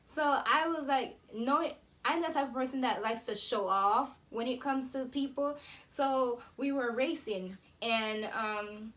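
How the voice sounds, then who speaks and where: A woman's voice: sits high, measured pace, a bit bright. Chatty teen girl vlogging. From Jamaica. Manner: chatty, many fillers like "um" and "like". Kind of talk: casual storytime chat.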